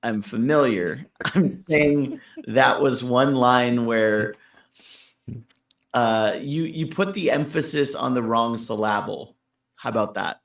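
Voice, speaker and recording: A man's voice: medium pitch, slow pace, roomy sound. A man co-hosting a casual show, giving laid-back, rambling feedback on a listener's track with lots of fillers. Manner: laid-back, rambling with fillers, laughs at his own jokes. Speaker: co-host reviewing listener tracks. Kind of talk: casual critique chat.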